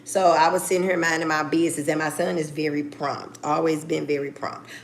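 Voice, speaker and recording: Gravelly low-voiced woman telling a story. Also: little pitch movement, brisk, a little hiss or hum. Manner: blunt, profane, acts out phone calls. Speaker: vlogger. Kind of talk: casual storytelling.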